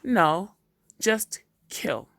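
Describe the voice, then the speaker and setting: Reader's take on a depressed husband in an audiobook: dull monotone, slow and heavy. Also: medium pitch, gravelly, a little hiss or hum, full character voice. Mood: flat. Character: depressed middle-aged husband, flat and dull.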